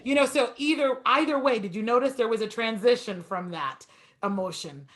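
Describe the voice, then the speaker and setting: A woman piano teacher giving a masterclass, talking fast and stretching words for emphasis. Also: on the high side.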